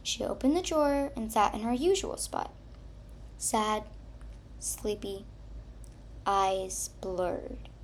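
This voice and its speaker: Slow, expressive woman narrating a storybook. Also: medium pitch, a little hiss or hum. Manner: slow, deliberate, expressive reading. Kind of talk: storybook reading.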